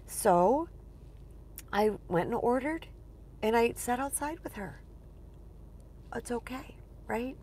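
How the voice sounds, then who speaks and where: A woman's voice: fairly high pitch, expressive, slow pace, pauses often, warm tone. A woman coach talking casually on a livestream, chatty and digressive, telling personal stories with animation. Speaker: relationship coach.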